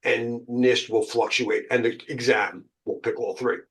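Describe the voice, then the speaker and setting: In measured pace and medium pitch with little pitch movement, an American cybersecurity exam instructor leads exam prep. His style is casual and jokey, sprinkled with plenty of uh and um.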